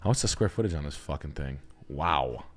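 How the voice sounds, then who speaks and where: A man hosting a live stream and reviewing house listings in casual chat, excitable and full of profanity as he jokes and riffs. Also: a bass voice, moderate pace. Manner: excitable, heavily profane, jokey riffing. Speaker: realtor and stream host.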